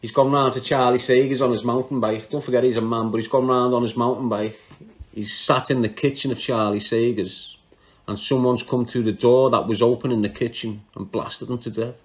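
A man with a Liverpool (Scouse) accent, steady in tone and mid-range in pitch, talks a little quickly as he spins a crime yarn for a podcast. He's slangy and casual, laughing often and breaking off mid-thought.

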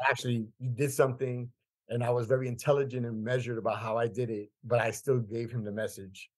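A man's voice: medium pitch, steady tone, fairly quick. A man in his fifties, from Queens, telling a personal story as a podcast guest in an emphatic way, repeating phrases for weight. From Queens, New York. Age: 50s. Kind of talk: conversational storytelling.

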